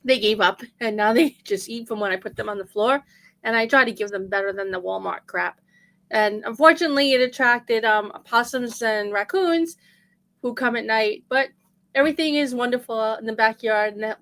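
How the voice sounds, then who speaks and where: An upbeat woman with a slightly high voice, chatting on a livestream and reacting with easy enthusiasm. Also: a little fast, a bit bright. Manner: upbeat, easily impressed. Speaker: livestream co-host. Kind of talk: casual livestream chat.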